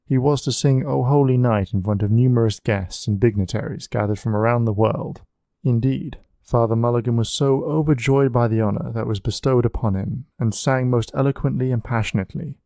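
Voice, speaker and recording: A man reading a storybook aloud in a steady, even narration. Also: mid-range voice, a little fast, vocal fry, dry recording, clean studio sound. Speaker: audiobook narrator.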